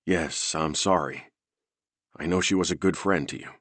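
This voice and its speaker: A man's voice: low-pitched, moderate pace, fairly bright tone, dry recording. A man doing a stressed, sleepless detective. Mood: gentle. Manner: urgent, snapping under stress.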